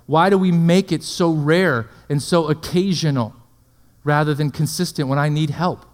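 A male preacher with a high-pitched voice gives a sermon at normal speed, chaining rhetorical questions and repeatedly making sure his listeners are following. Long reverb makes his voice ring out as if in a large hall.

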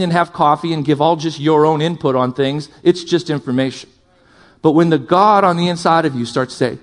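Impassioned male pastor preaching a sermon. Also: brisk. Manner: impassioned, swings from loud emphatic build-ups to low asides; jokes with the congregation.

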